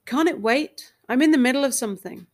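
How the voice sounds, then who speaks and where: An agitated, defensive husband shouts his replies in a storybook reading, as a woman voices him. The voice climbs in pitch and volume and sounds frustrated and pushed toward panic. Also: lively intonation, brisk.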